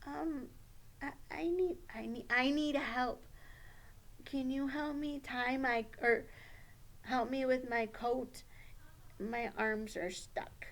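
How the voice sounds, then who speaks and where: A woman's voice: sits high, steady tone, slow pace, long pauses. Woman doing a stammering, timid little schoolboy puppet. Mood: hesitant. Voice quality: stammering, hesitant. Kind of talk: children's puppet show.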